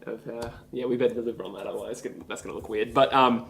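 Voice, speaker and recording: A man's voice: mid-range voice, steady tone, very fast, vocal fry, crowd noise. A young Australian man hosting a casual sports podcast, steering the talk with loose fillers. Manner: runs the segment, loose with fillers. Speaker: podcast host. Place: room, on camera.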